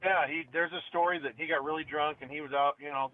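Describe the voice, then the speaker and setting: Chatty middle-aged dad cohosting a podcast, teasing, laughs a lot, kinda high voice over a tinny phone line. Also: male voice, steady tone, fast. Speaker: podcast host, father. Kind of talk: casual chat.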